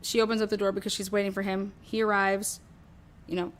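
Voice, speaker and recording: A woman's voice: mid-range voice, level tone, fairly quick. A woman hosting a true crime show, talking through her theory in a rambling, casual way, swearing often and acting out what others might have said.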